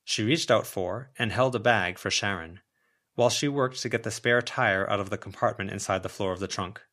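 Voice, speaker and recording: A man narrating a fan-made audiobook of a web serial in an even, measured way. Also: fairly low pitch. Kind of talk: audiobook reading.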